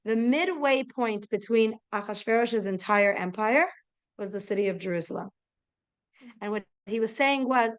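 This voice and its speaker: A young woman teaching a religious class, telling the story in a lively way and acting out the characters' lines. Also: moderate pace, clean tone. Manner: lively storytelling, acting out dialogue with raised pitch. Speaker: Torah teacher. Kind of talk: storytelling lesson.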